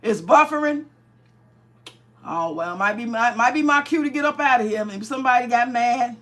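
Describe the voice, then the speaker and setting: A woman's voice: fairly high pitch, moderate pace, fairly bright tone. A woman hosting a casual livestream while she cooks, chatting freely, laughing often and reading out viewer comments. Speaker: livestream host.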